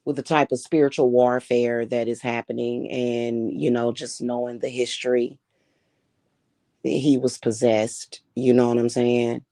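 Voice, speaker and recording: A woman's voice: very deep voice, flat delivery, measured pace, warm tone, dry recording. A woman hosting a casual livestream as a spiritual reader, telling stories in a blunt, profane and emphatic way.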